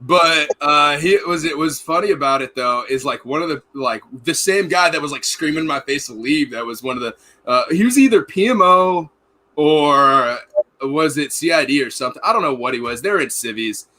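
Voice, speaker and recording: A man tells rambling, profane barracks stories in a loose podcast chat. His voice is bright and forceful, sitting a touch high for a man. He slips into quick acted-out quotes as he goes. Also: animated. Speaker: podcast host. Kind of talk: casual storytelling chat.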